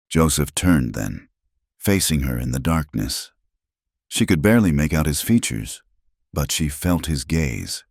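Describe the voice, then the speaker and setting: A man narrating a scripted story in a slow, measured, hushed way. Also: a bass voice, expressive, vocal fry, dry recording, studio quality.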